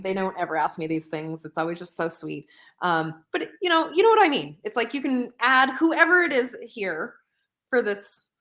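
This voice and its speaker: A woman's voice: medium pitch, fairly bright tone. A woman co-hosting a talk show, chatting animatedly with frequent laughter and acted-out quotes. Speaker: podcast co-host. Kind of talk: casual chat.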